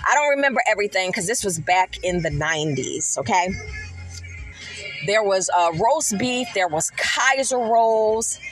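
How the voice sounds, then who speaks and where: A middle-aged woman hosting a podcast, earnestly telling a personal faith testimony in an animated, emphatic storytelling manner. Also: mid-range voice, a little slow, faint music behind, poor audio. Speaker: podcast host.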